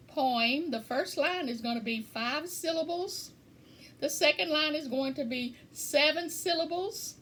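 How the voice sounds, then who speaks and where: A woman poetry teacher explaining a writing lesson in an unhurried way, repeating key words with plenty of fillers. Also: sits high, sharp tone, a little hiss or hum. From eastern Kentucky.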